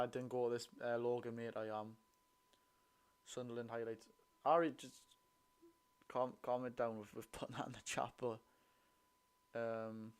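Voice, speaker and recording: Geordie male streamer, blunt and chatty, live match watch-along, mid-range voice. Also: medium pitch. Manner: blunt, chatty, thanks viewers between reactions to play.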